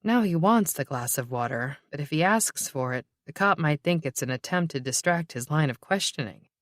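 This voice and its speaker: Measured audiobook narrator. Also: mid-range voice, lively intonation, no echo, clean studio sound.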